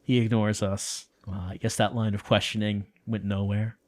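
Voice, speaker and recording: A man streaming a game, reading its text aloud and commenting in a low-key, wry way. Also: little pitch movement, moderate pace, a little mellow, no echo, clean studio sound.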